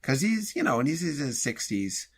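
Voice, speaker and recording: A man co-hosting a comedy podcast, rambling in mock-serious banter with many pauses and fillers. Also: on the high side, sing-song, fairly bright tone, husky. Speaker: podcast co-host.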